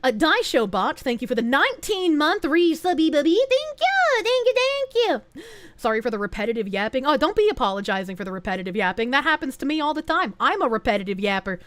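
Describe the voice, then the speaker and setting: A woman's voice: a little high, expressive, fast, few pauses. A woman VTuber streamer chatting casually on a live stream and thanking donors, playful and bubbly with cutesy baby talk and sarcastic asides.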